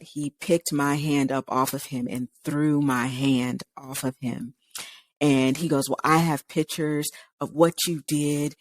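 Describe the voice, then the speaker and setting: Deep-voiced and recorded with no room sound, a woman co-host on a radio talk show spins a long, casual story. She retells it animatedly, performing the quoted lines in a radio studio.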